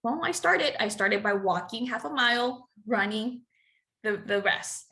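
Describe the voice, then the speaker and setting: A woman speaks as a podcast guest in a casual, storytelling way. Her voice sits high and sounds bright and forward. She is lively and acts out bits of conversation as she goes. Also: measured pace. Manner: lively, laughs often, acts out quoted dialogue.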